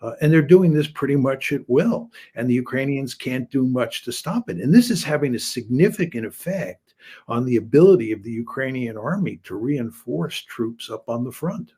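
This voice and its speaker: An older man, a political science professor, answering interview questions in a measured, explanatory way with frequent filler pauses. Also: mid-range voice, expressive, warm tone, breathy edge.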